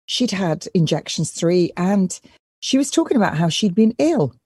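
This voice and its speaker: A woman, a nurse and nutritionist, chatting fast as a guest on a live online show and often repeating her words. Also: lowish voice, sing-song, a little mellow, husky, no room sound, studio quality.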